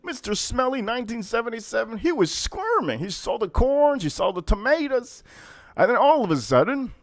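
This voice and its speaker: A man hosting a casual livestream, telling stories in an animated, profane way. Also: very high-pitched, normal speed, no echo. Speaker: livestream host.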